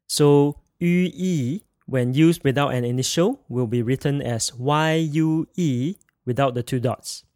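A man teaching a pronunciation lesson, spelling sounds out and having the listener repeat each word after him with slow, careful enunciation. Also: mid-range voice, a little mellow, dry recording, studio quality. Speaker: language teacher.

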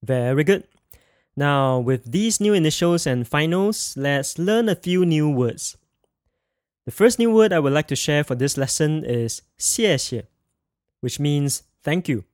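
Slow, careful male language teacher. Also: a little high, a little mellow, no room sound, studio quality. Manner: slow, careful enunciation with drilled repetitions. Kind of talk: recorded pronunciation lesson.

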